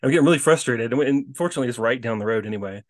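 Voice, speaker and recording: A man's voice: medium pitch, racing, no echo. Dry-sounding man telling a story. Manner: animated anecdote-telling with laughs and restarts. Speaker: podcast co-host. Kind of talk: casual storytelling.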